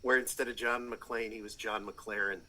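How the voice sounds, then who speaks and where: A man co-hosting a podcast, trading profane stories in a relaxed chat and laughing mid-sentence. His voice is husky with a very bright, sharp edge. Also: lowish voice, moderate pace. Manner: storytelling, profane, laughs while talking. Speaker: podcast co-host. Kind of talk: casual chat.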